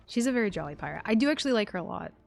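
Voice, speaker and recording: A woman streamer chatting with her live audience while gaming, excitable and full of swearing. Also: medium pitch, creaky. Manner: profane, excitable, talks to chat. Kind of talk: live game stream chat.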